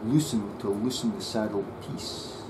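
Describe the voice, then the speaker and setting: A man working as a luthier, muttering to himself as he sets up a bass in his workshop. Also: unhurried, background noise. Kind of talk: workshop commentary.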